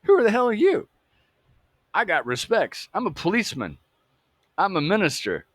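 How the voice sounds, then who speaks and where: A man's voice: sits high, wildly swooping pitch, normal speed, dry recording, clean studio sound, pitched above the performer's own voice, exaggerated voice. A man voicing a male authority figure who sneers and curses at a child. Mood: sneering. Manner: taunting, contemptuous, cursing.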